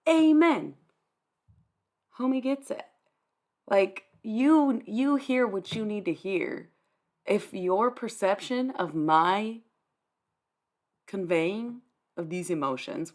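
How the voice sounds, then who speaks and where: A young woman livestreaming, answering her chat in a blunt, sarcastic, dismissive way and swearing freely. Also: mid-range voice. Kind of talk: live stream chat reply.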